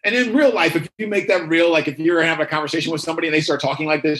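A man preaching a sermon, telling a story with lively repeated phrases. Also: a little high, very fast, hardly any pauses, rough recording.

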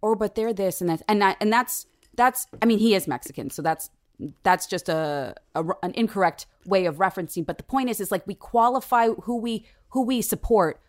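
A woman from San Diego, a guest actor talking in a casual conversation, earnest and reflective with animated asides. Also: medium pitch, normal speed. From San Diego, USA.

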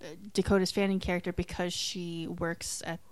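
A woman co-hosting a casual podcast, chatting about a TV show in a relaxed way with frequent ums. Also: lowish voice, moderate pace, clean tone, no room sound. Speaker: podcast co-host reviewing a TV show. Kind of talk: casual chat.

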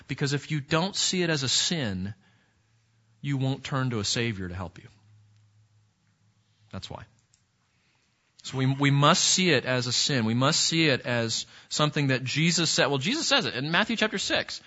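A man's voice: mid-range voice, sing-song, normal speed, pauses often, bright, forceful tone, muffled recording. A man preaching a sermon in an earnest, conversational way, often restarting his sentences. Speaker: pastor.

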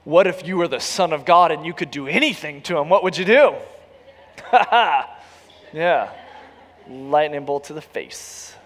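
Animated preaching man in a hall. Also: a little high, unhurried, pauses often. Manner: animated storytelling, acts out voices, rises to near shouts. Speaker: pastor. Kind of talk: sermon.

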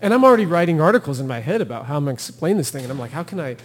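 A man with a fairly high, breathy-edged voice talks fast, recorded in a large hall. He's a thru-hiker appearing as a podcast guest, telling his story casually and animatedly, acting out the quotes and laughing as he goes.

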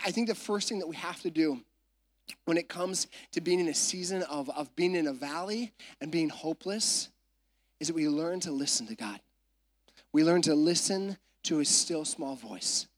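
A pastor preaching a sermon from a church stage, talking in a chatty storytelling way with frequent asides to the audience. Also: mid-range voice.

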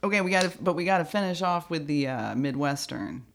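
A woman's voice: deep voice, expressive, brisk, a little hiss or hum. A woman co-hosting a comedy podcast, playful and laughing often as she banters about accents. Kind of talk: casual comedic chat.

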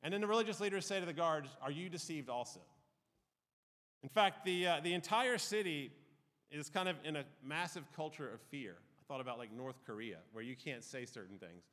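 A man's voice: fairly high pitch, fairly quick, fairly bright tone. A man giving an informal, conversational Bible teaching, with frequent ums and uhs. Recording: reverberant hall.

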